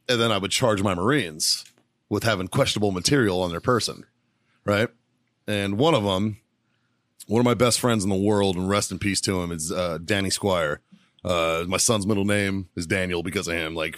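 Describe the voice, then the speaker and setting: A man's voice: low voice, fairly even intonation, moderate pace, a bit bright, dry recording, clean studio sound. Profane laughing man telling a story. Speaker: podcast co-host. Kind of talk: casual storytelling.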